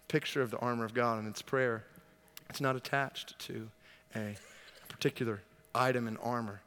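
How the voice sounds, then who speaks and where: A male pastor preaching a sermon, emphatic, asking rhetorical questions and building to loud exhortation. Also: mid-range voice, fairly even intonation, normal speed, smooth. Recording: long reverb of a large hall.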